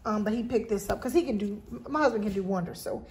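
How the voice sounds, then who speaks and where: A vlog host sits at home doing a casual grocery haul video, chatting and repeatedly speaking straight to her viewers. Her mid-range voice is fast and a little mellow, with a little hiss or hum in the background.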